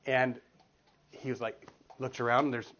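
A man's voice: medium pitch, level tone, normal speed, fairly bright tone. A man in his forties giving a casual, earnest teaching talk to a church group, telling stories with many restarts. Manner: earnest, storytelling with frequent restarts. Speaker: guest speaker at a church group. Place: meeting room with children's group next door. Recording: dull lo-fi room recording.

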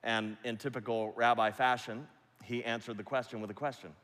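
A man's voice: medium pitch, fairly even intonation, a little fast. Emphatic preaching man in echoing hall. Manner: emphatic, repetitive preaching with big swings in loudness. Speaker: pastor. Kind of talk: sermon. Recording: long hall reverb.

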